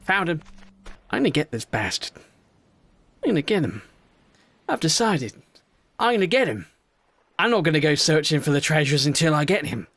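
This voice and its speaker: This let's-play commentator has a fairly high-pitched voice and talks at a moderate pace with frequent pauses, with no room sound. He's chatty and jokey, addresses in-game creatures, and veers from hushed worry to loud excitement.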